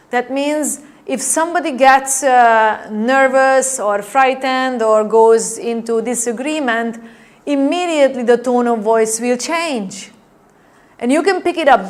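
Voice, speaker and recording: A woman NLP trainer lectures a class in a slightly high voice. She demonstrates each point by acting out changes in tone, and she keeps checking in with her listeners. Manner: demonstrative, acts out tone changes and asks the class "right?".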